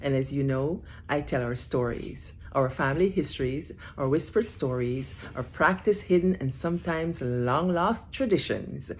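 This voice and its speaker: A woman's voice: very deep voice, moderate pace, hardly any pauses, a little mellow, a little hiss or hum. A Guyanese woman hosting a storytelling history lesson, emphatic and fond of teasing rhetorical questions. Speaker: host.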